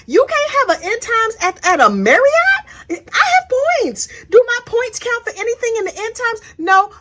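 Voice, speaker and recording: A woman's voice: high voice, bright, forceful tone. A woman hosting true crime commentary, telling it as sassy, gossipy storytelling full of slangy asides.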